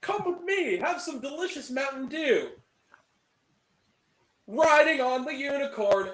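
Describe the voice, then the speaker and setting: A man hamming up a gushing soda-ad pitchman. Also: expressive, measured pace, fairly bright tone, reverberant, heavily acted. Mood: giddy hype. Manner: gushing, cheesy, exaggerated ad voice. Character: overexcited male soda-ad pitchman.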